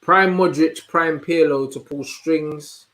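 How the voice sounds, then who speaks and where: Slangy young man, slightly high voice. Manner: slangy, animated, answers chat with quick asides. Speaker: host. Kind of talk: casual livestream chat.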